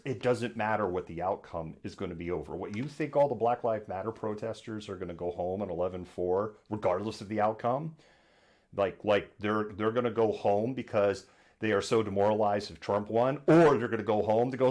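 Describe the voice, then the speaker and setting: Speaking at a moderate pace in a fairly low voice, a man runs a live political news stream from his home studio. His manner is sarcastic and animated, and he keeps breaking into mocking impressions of imagined voices.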